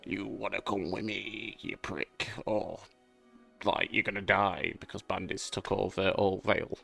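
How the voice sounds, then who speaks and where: A man's voice: deep voice, flat delivery, a little slow, creaky, a bit bright, slightly rough, soft background music, full character voice. A man voicing a blunt, rude mentor figure who talks curtly. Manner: curt and rude.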